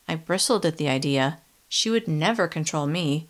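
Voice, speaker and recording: A woman reading a first-person young adult novel in a steady, measured audiobook narration. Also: deep voice.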